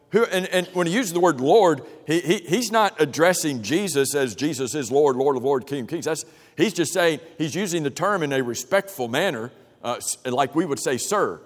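A man leads a Bible class, reading scripture aloud and stopping often to put questions to his listeners. His voice sits a little high for a man. He talks casually and restarts his sentences, and a long reverb hangs on every phrase in the church room. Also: lively intonation, moderate pace. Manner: conversational, questions the group, frequent restarts. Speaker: Bible study teacher. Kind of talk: interactive Bible class teaching. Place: church meeting room with a projector.

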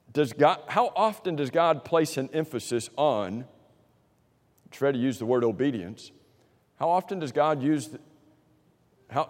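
A man's voice: medium pitch, darkish tone. A man teaching an interactive Bible class, questioning the group and repeating their answers in a conversational way, with restarts. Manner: conversational, with frequent restarts and fillers. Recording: long reverb in a hall.

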